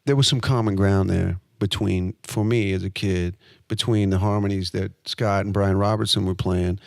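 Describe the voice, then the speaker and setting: An American man, a guest guitarist, talking about his influences in a relaxed, conversational way with many fillers. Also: sits low, normal speed, gravelly, no room sound, clean studio sound. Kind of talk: casual interview talk.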